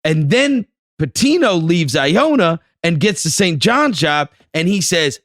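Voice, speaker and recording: Higher-voiced man telling a basketball story. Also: sing-song, unhurried, fairly bright tone, no room sound, studio quality. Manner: eager storyteller, piles on details with "and then". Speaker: podcast co-host. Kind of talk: casual sports chat.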